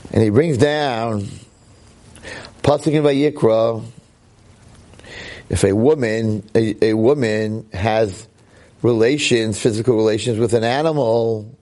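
A man, a rabbi giving a Torah lecture, excitable, swinging from low asides to high exclamations and peppering his talk with Hebrew terms and "right?".

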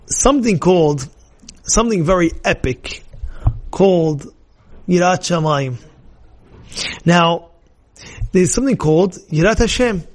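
A man teaching a Torah class as a rabbi, animated and emphatic, repeating phrases to drive points home. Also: sits high. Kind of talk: lively sermon-style Torah lesson.

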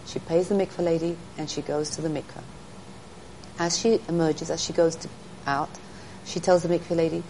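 A middle-aged woman recounts stories in an earnest, teaching way, and she briefly acts out the people in them. Her voice sits somewhat low. A faint hum of ambience runs underneath. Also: steady tone, fairly quick, dark tone, low-quality recording. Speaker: interview guest, speaker to women. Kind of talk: storytelling in an interview.

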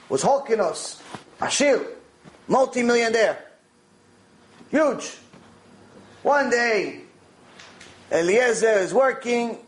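A man with a high-pitched voice delivers a Torah lecture. He tells stories with animation and repeats key phrases to drive them home. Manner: animated storytelling, with repetition for emphasis. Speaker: Torah teacher.

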